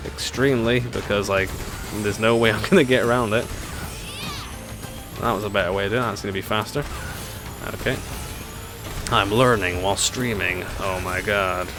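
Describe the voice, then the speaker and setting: A man chatting casually as he streams a racing game, laughing often and reading chat aloud. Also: lowish voice. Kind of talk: casual gameplay commentary. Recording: game music behind the voice.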